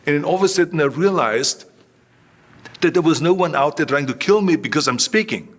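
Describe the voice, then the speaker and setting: A man's voice: on the high side, expressive, fairly quick. A man in his sixties with an Austrian accent, a German native speaker, telling emphatic stories as an interview guest and acting out quotes. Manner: emphatic, repeats phrases, acts out quotes. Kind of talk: storytelling interview.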